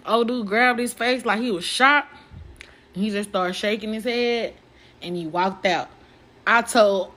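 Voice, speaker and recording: Animated, profane woman telling a story. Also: fairly high pitch. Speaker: podcast host. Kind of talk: casual storytelling.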